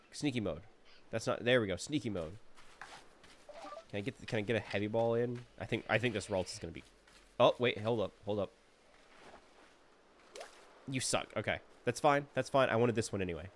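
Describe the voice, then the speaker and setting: A man's voice: mid-range voice, pushed and bright, slight background noise. Joking man streaming a game. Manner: chatty, joking, talks to the game characters. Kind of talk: casual gameplay commentary.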